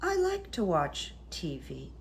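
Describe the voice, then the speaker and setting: A woman voicing a simple, gentle man who speaks in slow, flat, plain statements. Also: lowish voice, vocal fry, full character voice.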